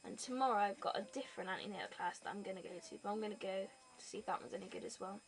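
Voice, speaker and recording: A woman's voice: medium pitch, very fast, slight background noise. A young British woman, pregnant, chatting casually in a home vlog, telling stories and acting out the people in them. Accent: British English. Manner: chatty storytelling, acts out quoted people. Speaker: vlogger. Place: bedroom floor at home. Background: gerbils rattling.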